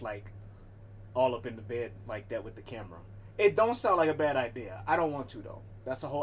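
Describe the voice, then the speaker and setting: A man with a mid-range voice chats casually on a livestream, rambling and swearing as he talks to his cat. He often cuts himself off and starts over, and there's a little hiss or hum in the audio.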